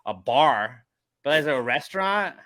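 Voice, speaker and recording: A man's voice: fairly high pitch, expressive, measured pace, a bit bright, no room sound, clean studio sound. A young man, an easygoing guest in a casual chat, slangy and acting out his friends' lines. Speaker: podcast guest.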